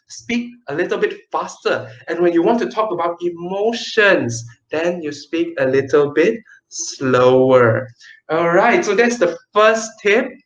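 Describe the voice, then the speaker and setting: Energetic male kids' teacher, emphatic and animated, echoey room, lo-fi online audio. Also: sits high. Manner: lively and emphatic, swings between fast and slow. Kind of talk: online class for kids. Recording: roomy, dull online class audio.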